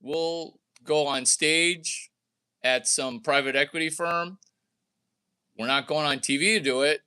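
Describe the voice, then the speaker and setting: An entrepreneur vlogger delivers a brash, rambling monologue about deals and money in a slow, pushed, bright, smooth voice. Provocative throughout, he lurches through wild pitch swings and flips between mock voices and his own.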